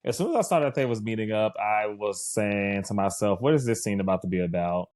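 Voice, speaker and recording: A man co-hosts a podcast in a low, relaxed voice. He keeps the conversation moving and gives easygoing commentary. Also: a little fast. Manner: steers the show, relaxed commentary. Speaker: podcast co-host. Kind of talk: casual recap chat.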